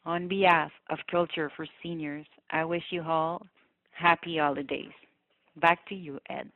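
A woman's voice: low-pitched, fairly even intonation, unhurried. A woman from a community project giving a formal, earnest greeting on a radio show. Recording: dry tinny phone-like line.

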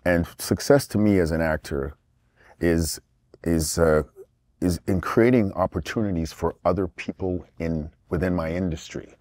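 A middle-aged actor from England, speaking as an interview guest in a rambling, animated way with many restarts. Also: male voice, sits low, normal speed, no echo. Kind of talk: casual interview talk.

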